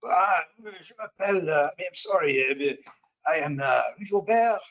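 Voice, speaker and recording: A man's voice: high-pitched, expressive, unhurried, fairly bright tone, muffled recording, pitched above the performer's own voice, full character voice. Man putting on a frantic French Canadian captive. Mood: pleading. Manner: breathless, pleading, trailing into whispered mutters.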